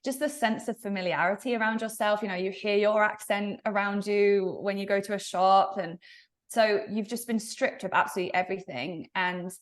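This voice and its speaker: A young woman with an English accent, a podcast guest telling animated stories in a casual interview and laughing often. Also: medium pitch, moderate pace. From England.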